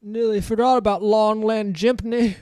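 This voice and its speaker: A man putting on a loud brassy madam. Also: steady tone, normal speed, clean tone, no room sound, natural voice. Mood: fussing. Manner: loud, high, bellowing. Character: brash female brothel madam Big Mama.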